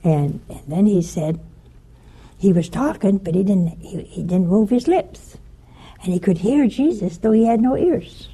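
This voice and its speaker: This religious speaker, an older woman, gives a talk in the manner of a sermon, bringing her stories to life and speaking in the voices of their characters. She sounds mid-range, slightly rough and unhurried.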